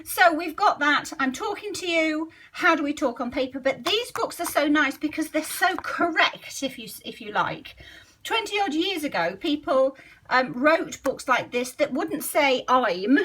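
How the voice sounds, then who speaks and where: A middle-aged woman, a literacy teacher trainer, explains a spelling method while leafing through a book, thinking aloud and sounding words out slowly. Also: high-pitched, animated, a bit bright.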